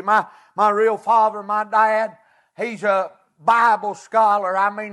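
Middle-aged preacher man with a very high voice, preaching fervently in church. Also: fairly bright tone. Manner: fervent preaching with repeated "amen" and "praise God". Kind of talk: sermon. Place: church service.

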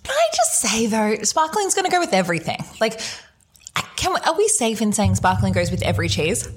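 A woman with a slightly husky voice co-hosts a casual wine and cheese tasting podcast. She sounds bubbly and enthusiastic, her pitch bouncing widely as she laughs easily. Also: wildly swooping pitch, a little fast. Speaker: podcast co-host.

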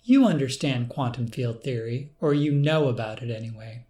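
A man reading an audiobook, voicing a calm, commanding male clone of the narrator who speaks in an assured, cryptic way. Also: medium pitch, normal speed, lightly acted.

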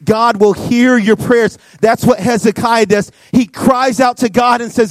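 A young man, a youth pastor, preaching to students and telling a personal story in an earnest, animated way with many casual fillers. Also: very high voice, unhurried, few pauses, no echo. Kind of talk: sermon to students. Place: church youth room.

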